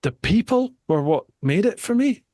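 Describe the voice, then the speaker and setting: A man with a Scottish accent hosting a podcast and chatting casually, telling stories with lively energy and often repeating his words. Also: high voice, normal speed, dry recording, clean studio sound. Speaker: podcast host.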